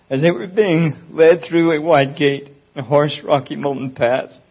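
A man's voice: a little high, muffled recording. A man giving an earnest, pleading Christian testimony.

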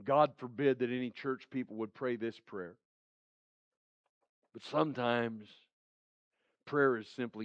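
A man's voice: medium pitch, steady tone, normal speed, long pauses, no echo, muffled recording. A male pastor giving a heartfelt sermon who repeats his phrases for emphasis. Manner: heartfelt, pleading preaching.

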